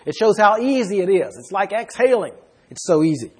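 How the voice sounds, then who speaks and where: A man delivers a sermon in a fairly high voice with a breathy edge. He reads long scripture passages aloud and then works through them for his listeners, explaining each point. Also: very animated, a little fast, a little mellow. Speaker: preacher.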